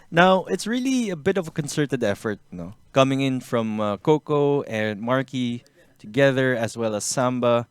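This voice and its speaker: A man giving measured, analytical color commentary on an esports match, mixing English and Tagalog. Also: mid-range voice, lively intonation, smooth. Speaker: esports co-caster.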